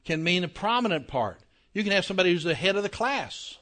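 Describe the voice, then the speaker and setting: A man giving a Bible class lecture in a conversational way, often checking that his listeners follow and slowing down to stress key words. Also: sits high, big pitch swings, fairly bright tone. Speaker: Bible teacher.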